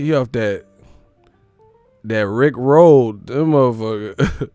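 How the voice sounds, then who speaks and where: A man's voice: mid-range voice, animated, slow pace, pauses often, darkish tone, no echo, faint music behind. A man hosting a live stream, giving crude, mocking commentary as he reacts to chat and often breaks into laughter.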